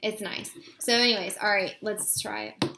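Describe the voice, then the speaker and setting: A woman's voice: mid-range voice, sing-song, normal speed, noisy background. A woman co-hosting a casual product review, chatty and rambling with lots of fillers.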